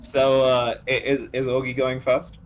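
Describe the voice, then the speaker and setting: A man's voice: mid-range voice, monotone, unhurried. A man playing a tabletop game, talking hesitantly with frequent restarts. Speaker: player. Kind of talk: casual tabletop play. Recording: dull lo-fi mic with faint hiss.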